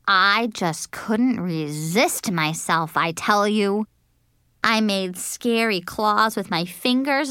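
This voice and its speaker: Lady reading a kids book like a little kid, bouncy and expressive, bright crisp voice, slow, dry close mic. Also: mid-range voice, no echo. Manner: bouncy, childlike and expressive, with shrieks. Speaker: audiobook narrator. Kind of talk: storybook narration in a child's voice.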